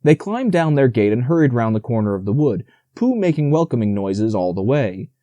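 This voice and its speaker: A man reads a children's audiobook aloud, his mellow voice rising and falling with the story. The recording is close and dry. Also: medium pitch, moderate pace, dry recording, dull audio. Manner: expressive storytelling. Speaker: audiobook narrator.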